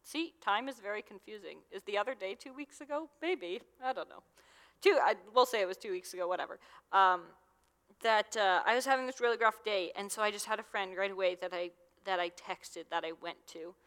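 A woman's voice: medium pitch, a little fast, fairly bright tone. A young adult woman giving a casual, conversational sermon as a youth minister, with lots of fillers. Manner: chatty, conversational, with many fillers. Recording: long hall reverb.

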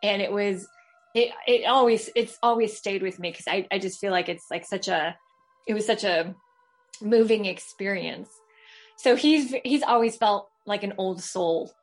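A woman in her thirties from Los Angeles tells a personal story over the phone-in. She talks casually and rambles, with many fillers and restarts. Her voice sits at an ordinary mid pitch. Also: unhurried. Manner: chatty, many fillers and restarts, laughs while telling. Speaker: caller telling a true ghost story.

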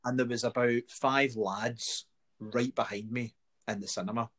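Scottish man telling animated stories. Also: medium pitch, a little slow. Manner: animated storyteller, acts out other people's voices. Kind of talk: casual chat.

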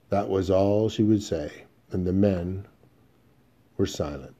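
In a low, dark, mellow voice, a man narrates a first-person western audiobook at a steady, measured pace. The audio sounds dull.

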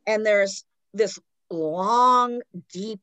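A woman's voice: medium pitch, extremely slow, a bit bright, no echo. A woman, a podcast host, retelling a story in a loose, casual chat full of "like" fillers.

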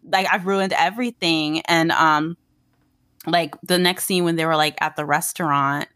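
A lower-pitched woman chatting casually as a podcast co-host. She talks in a lively, animated way, full of fillers, and acts out quoted lines. The sound is dry and close. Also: normal speed, smooth, no room sound. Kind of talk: casual chat.

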